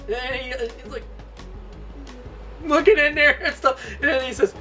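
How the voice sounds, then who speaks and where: A man's voice: very high-pitched, moderate pace, pushed and bright, distant mic, faint music behind. A man hosting a casual movie review, rambling and laughing often mid-sentence.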